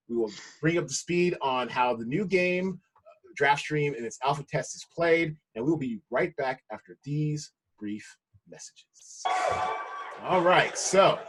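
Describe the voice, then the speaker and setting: A man's voice: on the high side, breathy edge. A man hosting a podcast, talking enthusiastically with frequent stumbling restarts. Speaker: podcast host. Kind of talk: casual podcast chat.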